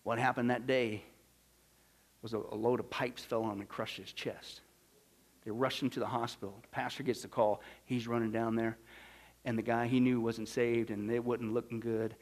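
A male pastor preaching a sermon, swinging from hushed, low lines to loud, emphatic ones. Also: flat delivery, normal speed.

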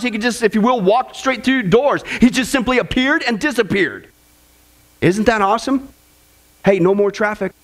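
A male pastor preaching a humorous sermon, firing off punchy lists and talking straight to the audience. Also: high voice.

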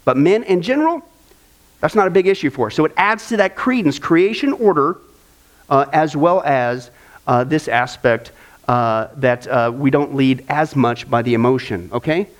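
A man leads a church discipleship class in a loose, conversational way. His voice sits high for a man, and he stumbles through fillers and repeated words. He drifts into lively personal stories, acting out the voices. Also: moderate pace. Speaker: Bible class teacher.

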